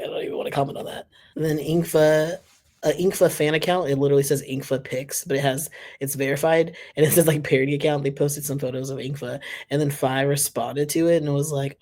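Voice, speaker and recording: A man's voice: mid-range voice, normal speed, gravelly, a little mellow. A man hosting a casual reaction channel, chatting and giggling as he reads social media posts aloud.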